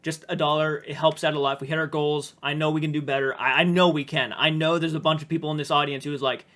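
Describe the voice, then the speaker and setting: A man's voice: a little high, level tone, fast, few pauses, pushed and bright. A man hosting a reaction video, chatting casually and swearing now and then. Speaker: reaction channel host.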